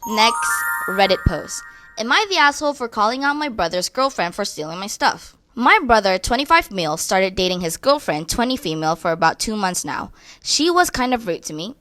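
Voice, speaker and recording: A woman's voice: medium pitch, lively intonation, moderate pace, fairly bright tone, no echo, faint music behind. Young woman reading posts out and roasting them, blunt and sassy, super dry close sound. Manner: blunt, crude, sassy asides. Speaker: commentary creator. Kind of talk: reading posts aloud with commentary.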